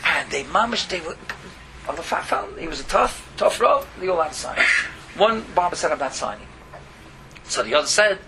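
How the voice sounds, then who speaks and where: Animated rabbi. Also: male voice, on the high side, moderate pace. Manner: animated, mixing Yiddish words into English, voice leaping up in exclamations. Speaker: rabbi teaching a class. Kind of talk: Torah lesson with storytelling. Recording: steady background hiss.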